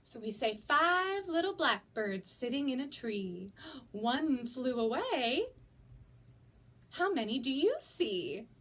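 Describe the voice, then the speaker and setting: A woman's voice: sits high, slow pace. A young woman librarian reading a picture book aloud at toddler story time, coaxing the children to join in. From United States. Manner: sing-song, animated, coaxing children to join in.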